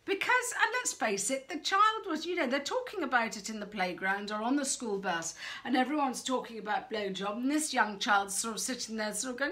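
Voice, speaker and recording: Frank, animated woman parenting coach. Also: on the high side, brisk. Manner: frank and animated, acts out quoted voices. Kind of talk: direct-to-camera advice talk.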